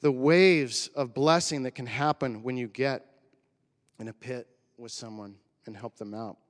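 A man's voice: medium pitch, steady tone, a little slow, big-room sound. A man in his forties from Northern California telling a personal story as a pastor's sermon, in a conversational, emotional way with surfer slang. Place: church.

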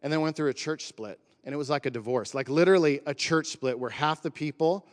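A man's voice: a little high, brisk, long reverb tail. A man in his forties from Northern California telling a personal story as a pastor's sermon, in a conversational, emotional way with surfer slang. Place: church.

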